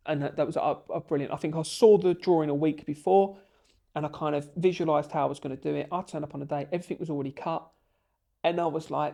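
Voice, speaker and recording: A man in a podcast interview, telling his story with lively, emotional energy. His voice sits a bit high for a man and has a gravelly fry running through it. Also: fast talker. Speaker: podcast guest, bricklaying tutor.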